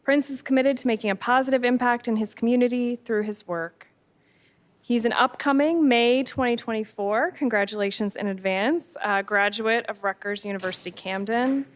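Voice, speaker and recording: A woman moderating a briefing, reading a formal introduction of the next speaker in a courteous, measured way. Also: fairly high pitch.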